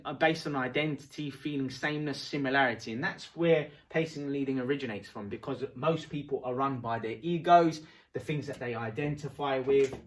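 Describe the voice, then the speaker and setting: A man teaching about rapport in a casual, animated way, acting out short dialogues. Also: a little high. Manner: animated, acts out little dialogues. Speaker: self-help coach.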